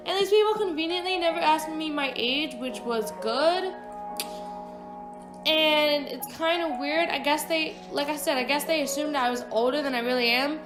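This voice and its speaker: A woman of about twenty telling a casual, rambling story with frequent swearing and offhand asides. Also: sits high. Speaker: vlogger. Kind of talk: casual storytime over a speedpaint. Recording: echoey room with background music.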